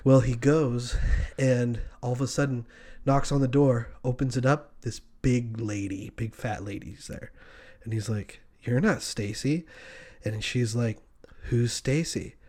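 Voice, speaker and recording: A man in casual comedic chat, playfully pitching a made-up movie plot and doing quick voices. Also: little pitch movement, dark tone. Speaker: podcast co-host.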